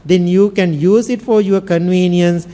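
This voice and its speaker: Sri Lankan male monk, high-pitched and warm, storytelling sermon, non-native English. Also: steady tone, a little slow. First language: Sinhala. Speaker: Buddhist monk teacher. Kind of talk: dharma talk.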